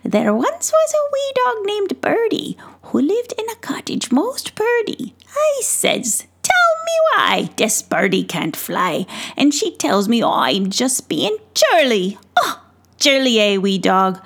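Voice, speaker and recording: A merry little old leprechaun man, put on by a woman reading a storybook, chuckling and sing-song, his voice bouncing between high squeaks and lower mutters. He speaks slowly, with a touch of gravel in the tone. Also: wildly swooping pitch, fairly bright tone, full character voice. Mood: gleeful. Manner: chuckling, sing-song, folksy brogue words. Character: tiny old male leprechaun, merry and wary.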